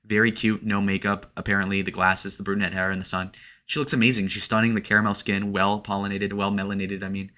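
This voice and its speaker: Sarcastic young man with a bright voice. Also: on the low side, level tone, fast talker. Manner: crude, sarcastic, filler-heavy with "like". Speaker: online commentator. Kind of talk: casual reaction commentary.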